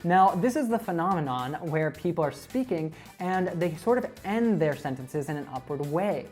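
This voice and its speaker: A woman narrating a scripted lesson on American accents in a clear, upbeat, explanatory way. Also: on the low side, expressive, normal speed, a little mellow, soft background music. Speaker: accent teacher.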